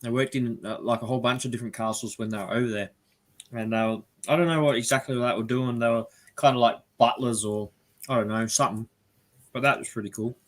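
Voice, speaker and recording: A man's voice: mid-range voice, fast talker. An Australian man hosting a casual live-stream chat, talking loosely and laughing often. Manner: chatty, laughs often, animated impressions. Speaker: live show host.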